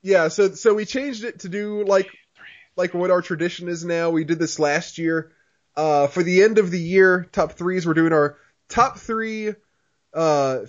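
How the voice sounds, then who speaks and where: A man hosting a casual gaming podcast, his voice sitting a little high. He rambles in a laid-back way and often restarts mid-thought. The recording sounds muffled and lo-fi. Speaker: podcast host.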